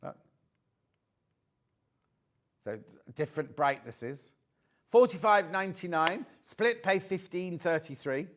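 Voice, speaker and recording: A man's voice: sits high, lively intonation, slow pace, long pauses. Chatty man selling on live TV. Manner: chatty, rambling, joking asides. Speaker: shopping channel presenter. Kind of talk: live TV sales presentation.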